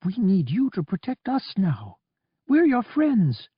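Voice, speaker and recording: A man's voice: sits high, wildly swooping pitch, slow pace, breathy edge, no echo, highs cut off, voice pushed up, exaggerated voice. A man reading an audiobook, raising his voice to play a young woman pilot who pleads, worried and angry. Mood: pleading. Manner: pleading and insistent.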